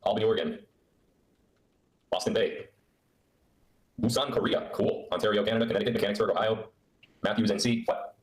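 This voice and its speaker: A man's voice: fairly low pitch, fairly even intonation, fairly quick, long pauses, reverberant, rough recording. A man hosting a live question-and-answer stream from his laptop, rambling and sarcastic as he chats to viewers. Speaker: livestream host. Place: indoor room on a trip. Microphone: laptop microphone.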